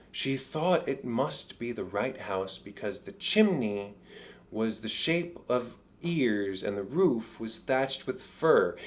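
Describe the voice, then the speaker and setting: A man narrating an audiobook of a classic tale, with a measured storytelling delivery. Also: mid-range voice. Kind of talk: scripted narration.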